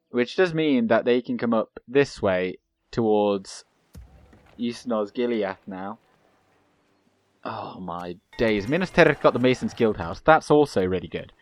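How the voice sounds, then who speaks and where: A man's voice: mid-range voice, no echo. A young man giving rambling, chatty commentary while playing a strategy game, laughing now and then. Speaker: gaming channel host. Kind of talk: let's play commentary.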